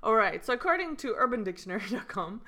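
A woman's voice: on the high side, sing-song, fast, crowd noise. A woman co-hosting a casual podcast chat, playful and giggly as she reads definitions aloud. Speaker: podcast co-host.

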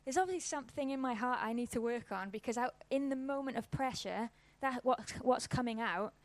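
A woman's voice: on the high side, moderate pace, dry recording. A woman, giving an informal church talk and telling a personal story in a casual, conversational way. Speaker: church speaker.

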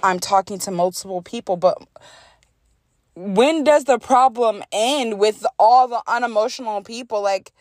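A woman's voice: a little high, a little slow, darkish tone, dry recording, studio quality. A young woman hosting a podcast, chatting casually and animatedly, reading out text messages and swearing freely. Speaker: podcast host. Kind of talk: casual storytelling chat.

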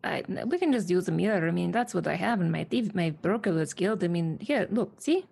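A woman's voice: lowish voice, animated, a little fast, vocal fry, a little mellow, slightly rough. A woman playing in a tabletop game, chatty and cautious, rambling through her ideas. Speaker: player. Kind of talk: casual tabletop play.

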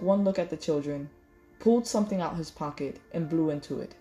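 A woman reading a novel aloud in measured storytelling, correcting small slips as she goes. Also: low-pitched, warm tone, soft background music. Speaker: audiobook reader.

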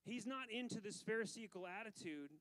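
Preaching at a fairly quick clip, the pastor's high voice shifts from loud emphasis to quiet asides, with laughs scattered between phrases in his animated sermon. The recording is rough.

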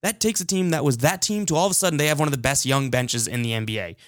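Man, podcast host, casual rant, animated, middle pitch, dry close sound. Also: fast, no echo. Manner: animated, opinionated, with frequent restarts.

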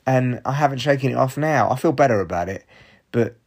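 A man's voice: medium pitch, expressive, a little fast, a little mellow. Candid, sweary male comedian host. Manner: candid, rambling and sweary storytelling. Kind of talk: casual solo podcast monologue.

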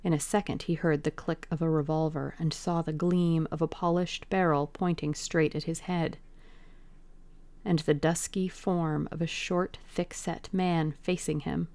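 Slow, gravelly woman narrating a classic. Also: low voice, steady tone, darkish tone, no room sound. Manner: slow, deliberate, brooding reading. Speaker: audiobook narrator. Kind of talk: dramatic audiobook narration.

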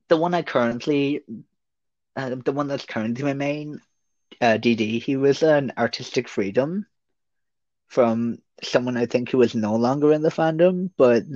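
A man's voice: medium pitch, unhurried, pauses often, darkish tone, dry recording. A young Irish man, a guest on a podcast, talking casually and rambling with lots of hesitations. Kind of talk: casual interview chat. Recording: dry, muffled lo-fi audio.

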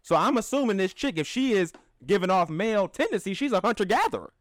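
A man's voice: high-pitched, big pitch swings, fast, dry recording, studio quality. A man in casual group chat, posing hypotheticals and pressing questions.

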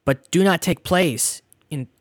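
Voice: medium pitch, a little slow, no echo, studio quality. A podcast co-host, blunt and teasing, leading the segments in casual banter. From Canada (Toronto).

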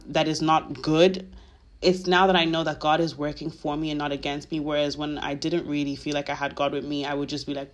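A podcast host speaking in a mid-pitched voice, talking openly about faith in a loose monologue. The delivery is earnest and confessional. It rambles along with plenty of filler phrases. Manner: emotional, confessional. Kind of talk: casual faith talk monologue.

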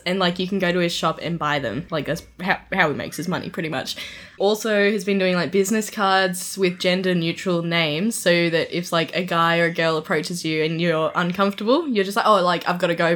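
A woman's voice: on the low side, fairly bright tone. A young woman co-hosting a podcast in casual chat, telling stories in a chatty way, laughing often and acting out quotes. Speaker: podcast co-host.

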